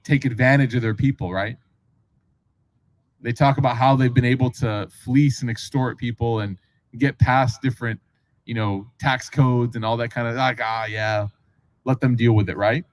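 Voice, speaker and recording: In this rough recording, a male preacher at medium pitch delivers a religious tale as a casual lecture. He animates the story by performing the characters' quoted voices, and he often breaks off for asides to his listeners.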